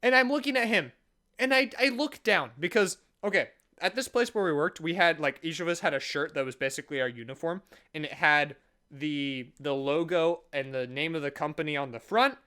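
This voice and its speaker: A young man telling a storytime vlog, animated and sarcastic, often stopping and restarting mid-sentence. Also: fairly high pitch, fairly quick, clean tone. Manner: animated, sarcastic, jokey with frequent self-interruptions. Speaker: vlogger.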